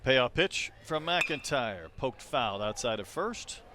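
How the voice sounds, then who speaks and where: A man doing live play-by-play baseball commentary, calling pitches and chatting between them. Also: expressive, takes it slowly, bright, forceful tone, slight background noise. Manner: conversational, calls pitches between chatty stories. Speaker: play-by-play announcer.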